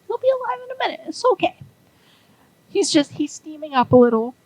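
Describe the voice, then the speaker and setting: A woman voicing a frantic, apologetic male shipyard tug who babbles soothing words in a rushed high voice. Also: very animated, darkish tone, no echo, rough recording. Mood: reassuring.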